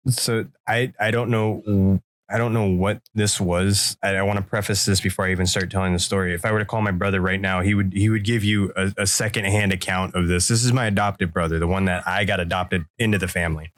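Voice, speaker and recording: A man's voice: low-pitched, steady tone, a little fast. A man co-hosting a podcast, telling a story in loose, profane chat and acting out the quoted lines. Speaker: podcast co-host. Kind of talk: casual storytelling.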